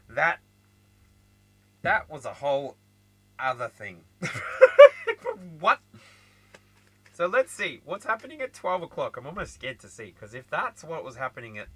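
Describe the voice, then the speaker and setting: An Australian man giving a casual tarot reading, chatty and animated, with frequent laughter and asides. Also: mid-range voice, breathy edge, no room sound, poor audio. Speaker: tarot reader.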